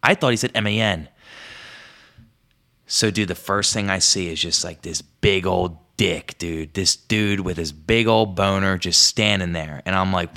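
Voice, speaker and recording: A young man hosting a podcast, telling rambling comic stories, swearing often and jumping up in pitch when he quotes himself. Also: unhurried, bright, forceful tone. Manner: rambling, swears a lot, jumps high when quoting himself. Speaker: podcast host. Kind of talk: casual comedic storytelling monologue. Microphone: podcast microphone.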